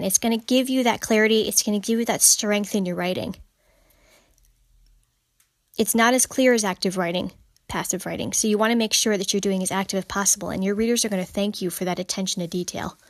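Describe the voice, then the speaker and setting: Woman, podcast host, writing lesson, emphatic, repetitive stress, medium pitch, dry recording. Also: brisk, dry recording. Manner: emphatic, repeats points for stress. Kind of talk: informal teaching monologue.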